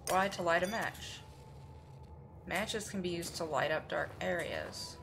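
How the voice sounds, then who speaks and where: A woman's voice: on the low side, unhurried, creaky, noisy background. A woman streaming a horror game live, reading notes aloud and reacting with sudden exclamations.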